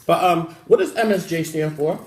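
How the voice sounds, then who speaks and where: A male radio co-host with a cold, bantering and joking, sometimes shouting like a preacher. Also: on the high side, normal speed, reverberant. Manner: joking, bursts into loud preacher-style shouting. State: has a cold. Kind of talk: casual banter.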